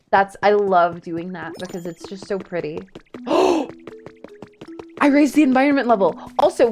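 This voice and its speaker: A woman streaming a game live, chatting casually, excitable and a little shy in her asides. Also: mid-range voice.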